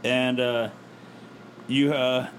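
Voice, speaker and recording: A man co-hosting a casual podcast, recapping a show in quick, joking bursts. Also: mid-range voice, flat delivery, a little hiss or hum. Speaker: podcast co-host recapping wrestling. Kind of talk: casual chat.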